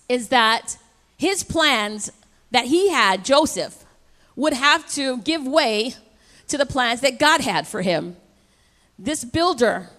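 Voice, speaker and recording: High-voiced woman preaching. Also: long reverb tail. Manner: lively, emphatic, talks to the congregation. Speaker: pastor. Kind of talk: sermon.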